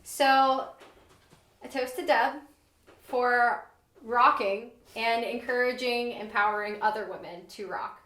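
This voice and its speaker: An upbeat woman with a fairly high voice speaks in casual podcast chat. She sounds encouraging and playful. The room adds a clear echo to her voice. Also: fairly even intonation, slow, a bit bright. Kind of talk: casual conversation. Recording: roomy echo.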